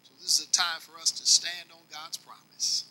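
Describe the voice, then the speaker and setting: A man preaching to his congregation as their longtime bishop, swinging between quiet and loud and speaking to them directly. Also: a little high, level tone, moderate pace, low-quality recording. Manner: folksy, talks directly to the congregation. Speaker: pastor. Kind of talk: sermon.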